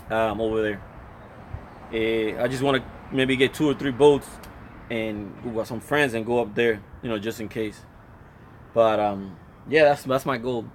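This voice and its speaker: A man's voice: mid-range voice, a little hiss or hum. A middle-aged man hosting a casual live stream from his phone, rambling and reading out viewer comments. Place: Florida.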